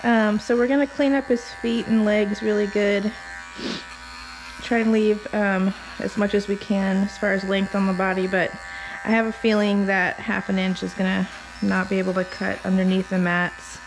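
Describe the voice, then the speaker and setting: A woman dog groomer talking casually as she works in her grooming salon, rambling with fillers and slipping into a soft sing-song voice to coax the dog. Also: medium pitch, flat delivery, normal speed, background noise. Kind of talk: casual narration while working.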